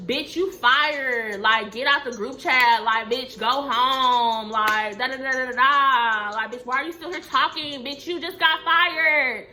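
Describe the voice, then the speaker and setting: A woman's voice: high voice, measured pace, hardly any pauses, bright, forceful tone, faint music behind, full character voice. A woman voicing a brash, rude young female coworker who taunts and talks down, drawn out and dismissive. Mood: taunting.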